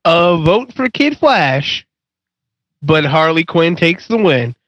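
A man's voice: a little high, sing-song, slow pace, a bit bright, no room sound, dull audio. A man hosting a casual podcast panel, joking as he announces the votes. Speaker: host.

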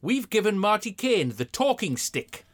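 A man chats and jokes in a lively, sweary way, full of mock outrage. His voice sits a little high and swings widely in pitch as he tells the story. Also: normal speed. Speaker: podcast co-host. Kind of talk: casual comedic chat reviewing an old TV show.

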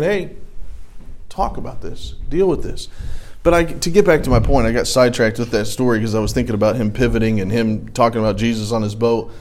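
A man's voice: medium pitch, a little mellow. Man, middle-aged, Bible class teacher, conversational, anecdotal, emphatic at times. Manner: conversational, anecdotal, sidetracked storytelling with rising emphasis.

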